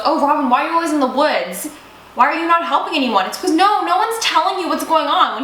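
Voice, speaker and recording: This co-host's voice pitches high, bright and forceful as she gushes and giggles through a casual TV review chat, dropping swear words freely. She's a young woman, recorded in an echoey room with faint hiss.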